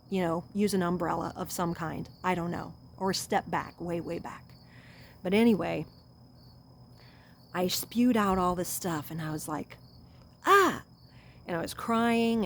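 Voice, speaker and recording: A woman giving an earnest, animated pep talk to her viewers, calling them honey. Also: lowish voice, slight background noise. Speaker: self-help vlogger. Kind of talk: encouraging talk to camera.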